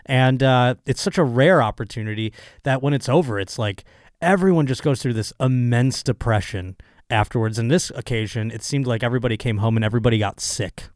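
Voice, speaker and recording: A hoarse male comedian talks through a solo podcast monologue, his voice not fully recovered. He rambles and swears with excitable bursts, close and dry to the mic at a middling pitch. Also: fairly quick, no room sound.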